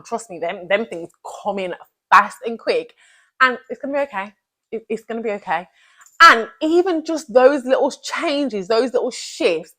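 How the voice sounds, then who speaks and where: A woman's voice: mid-range voice, fairly bright tone. A young woman giving an emphatic, chatty motivational talk to camera, full of slang and repetition. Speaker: self-improvement vlogger.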